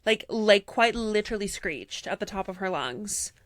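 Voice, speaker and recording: A woman's voice: mid-range voice, normal speed, no room sound, clean studio sound. A woman in her twenties co-hosting a podcast, chatting casually and acting out quotes as she tells a story. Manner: animated storyteller who acts out quotes. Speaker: podcast co-host. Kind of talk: casual chat.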